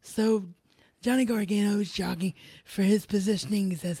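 Mellow, husky woman recapping wrestling. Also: medium pitch, steady tone, moderate pace, no echo. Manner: retells events and quotes in her own voice.

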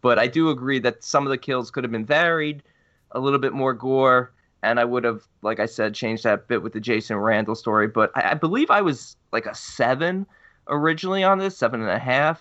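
A man's voice: medium pitch, brisk, pushed and bright. A man co-hosting a podcast, chatting casually about a horror movie with rambling restarts. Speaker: podcast co-host. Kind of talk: casual movie review chat. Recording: muffled lo-fi audio.

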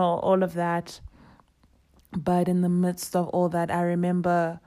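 A young woman telling a personal story in a casual, animated way, acting out what people said. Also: lowish voice, a little slow. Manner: animated, acts out quoted dialogue, laughs often.

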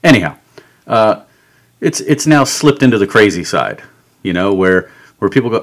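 A man's voice: lowish voice, animated, normal speed. Profane, ranting male podcast host. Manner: angry, sarcastic, swears constantly. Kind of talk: profane comedic rant. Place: home studio.

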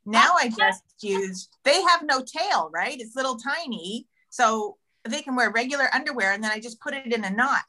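A woman co-hosting a podcast in easy, matter-of-fact chat with an amused tone. Her voice is bright and a little high. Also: low-quality recording. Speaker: podcast co-host, doula. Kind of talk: casual chat.

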